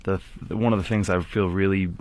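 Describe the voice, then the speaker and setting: A man's voice: sits low, fairly even intonation, brisk, darkish tone, no room sound. A man telling a long story on a podcast, rambling and often restarting his sentences. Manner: rambling, self-interrupting storyteller, acts out quotes. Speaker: podcast co-host.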